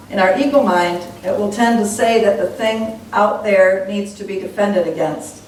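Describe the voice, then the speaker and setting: A woman minister giving a sermon in a church, earnest and reflective in how she teaches. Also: darkish tone. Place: church sanctuary. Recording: echoey church hall, mic at a distance, faint rumble.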